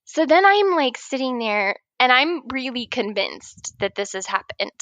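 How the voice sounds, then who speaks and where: A woman in her thirties telling a funny personal story in casual chat, laughing often and acting out her own yelling. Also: high-pitched, unhurried, no echo. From Oregon. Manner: animated, laughing, acts out her own shouting. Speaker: guest writer.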